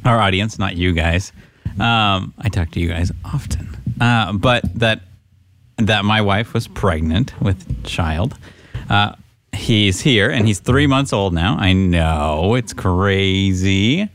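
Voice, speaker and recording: A young man hosting a podcast, telling a story in a rambling, halting way with many fillers. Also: deep voice, expressive, fairly bright tone, no echo. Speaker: podcast host. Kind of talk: casual podcast chat.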